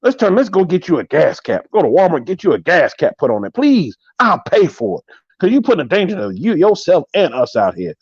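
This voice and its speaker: Thirties guy hosting a live podcast, jokey and animated, kinda high voice, dull dry lo-fi sound. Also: slightly rough, no echo. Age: 30s. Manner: animated, joking, drawn-out exclamations. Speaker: podcast host.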